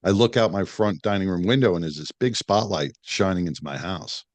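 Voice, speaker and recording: Speaking briskly in a low voice, a middle-aged man who retired as a police detective shares a candid story on a podcast. He's blunt and profane, full of restarts and acted-out quotes, and the recording has no echo.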